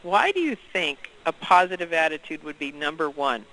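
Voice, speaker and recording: Energetic, bright-voiced male trainer. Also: a little high, normal speed, a little hiss or hum, rough recording. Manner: energetic, questions the group. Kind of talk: interactive training session.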